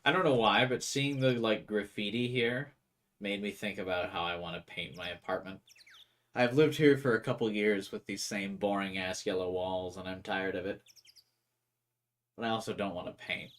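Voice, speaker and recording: Lowish and fairly bright, this young man's voice moves at normal speed as he commentates a game in a rambling, chatty let's-play. He's a gaming streamer who keeps talking to chat.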